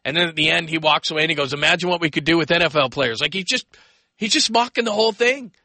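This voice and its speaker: An American man hosting call-in sports radio, his voice pitched high and very bright. He talks fast in bursts, rambles and acts out quoted people, all of it recorded close and dry. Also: dry recording.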